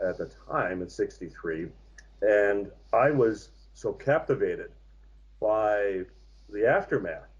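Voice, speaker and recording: An American man in his sixties, a guest author telling his story in a measured, reflective way with frequent hesitations. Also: fairly low pitch, darkish tone, husky, dull audio. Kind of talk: interview conversation.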